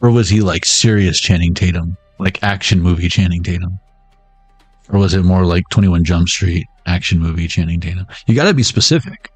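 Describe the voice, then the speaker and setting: Faint music plays behind a man with a deep, husky voice who talks a little fast, with no echo on the recording. He's doing a relaxed pick-a-deck tarot reading, full of jokes and slangy, playful chatter.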